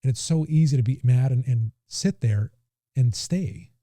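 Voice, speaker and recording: A man's voice: mid-range voice, moderate pace, dark tone, no echo, studio quality. A man speaking reflectively in a candid conversation, often affirming with short replies.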